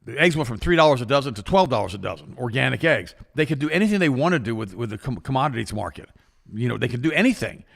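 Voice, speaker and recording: A man's voice: medium pitch, sing-song, fast, vocal fry, fairly bright tone, big-room sound. A man co-hosting a talk show, speaking in an emphatic, impassioned way and often repeating himself. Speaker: co-host. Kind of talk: casual talk-show commentary.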